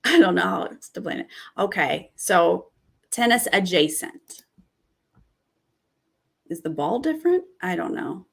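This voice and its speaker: A woman's voice: on the low side, very animated, unhurried, vocal fry, pauses often, breathy edge. A woman hosting a casual reaction vlog, reading out cast bios and giving candid, chatty comments on each. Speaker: reality TV commentator.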